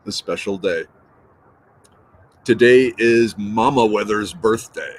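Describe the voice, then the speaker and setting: A man's voice: on the low side, takes it slowly, long pauses, slightly rough, poor audio. A man in his fifties chatting on an early-morning live stream, greeting viewers by name and answering their comments in a playful, rambling way. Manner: playful, repeats words and trails off. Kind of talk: casual live-stream chat.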